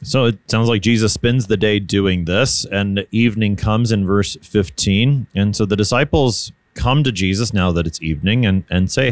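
A man's voice: fairly low pitch, moderate pace, few pauses, dry recording. A man co-hosting a casual Bible discussion, thinking aloud with frequent restarts. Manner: thoughtful, hesitant, with many restarts and light laughs.

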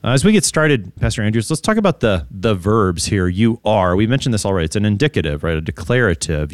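A man's voice: on the low side, big pitch swings, fast, hardly any pauses, no room sound. A man hosting a conversational Bible study discussion, asking questions and explaining the grammar of the text. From United States. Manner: leads with questions, reads scripture aloud, explains grammar.

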